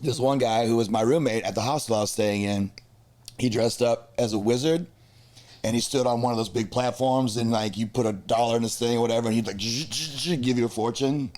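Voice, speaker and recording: An American musician telling crude, comic stories from his travels in a relaxed podcast chat. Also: medium pitch, fairly quick. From United States. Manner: animated, crude, comic storytelling. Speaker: musician guest. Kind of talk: storytelling in a casual podcast chat.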